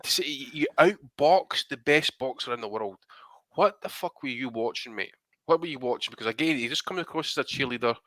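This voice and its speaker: A man's voice: mid-range voice, brisk, bright, forceful tone, no room sound. A man hosting a boxing podcast, ranting bluntly and swearing heavily in casual chat. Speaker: podcast host.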